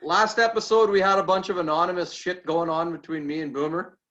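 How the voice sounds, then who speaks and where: A man's voice: high-pitched, fairly even intonation, a little fast, a bit bright. A man co-hosting a sports podcast, telling a story in short, clipped sentences. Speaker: podcast co-host. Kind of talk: casual sports talk storytelling. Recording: dull lo-fi remote audio.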